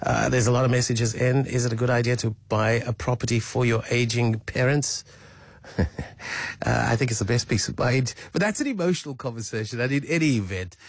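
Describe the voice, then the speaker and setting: A man's voice: mid-range voice, fairly quick, no room sound. A man hosting a radio talk show, speaking in a thoughtful, hesitant way with many fillers. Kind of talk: casual radio talk, reading listener messages.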